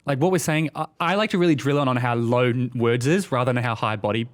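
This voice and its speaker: A quick-talking man co-hosting a casual podcast. He is chatty and sarcastic, breaking off and restarting his sentences as he goes. His voice sits at a middling pitch. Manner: sarcastic, chatty, self-interrupting. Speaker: podcast co-host.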